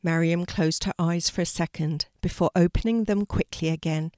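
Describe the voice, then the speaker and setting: A woman's voice: on the low side, fairly even intonation, moderate pace, a little mellow, no echo, studio quality. Older woman reading a children's story.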